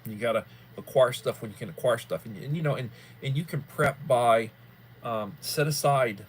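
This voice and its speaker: A man's voice: medium pitch, normal speed, a little hiss or hum. A man hosting a livestream in casual chat, rambling in a folksy way and repeating himself. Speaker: livestream host.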